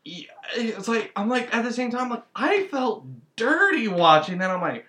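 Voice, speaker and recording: A man co-hosting a casual chat about a movie, talking loosely and haltingly with many fillers. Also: very high voice, expressive, pushed and bright. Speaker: podcast co-host. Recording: roomy echo.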